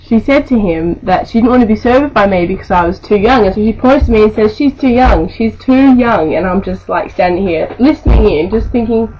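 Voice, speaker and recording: A woman's voice: medium pitch, a little fast, few pauses. Teen woman, storytime vlogger, rambling and exasperated; dull lo-fi mic with faint hiss. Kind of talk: storytime monologue.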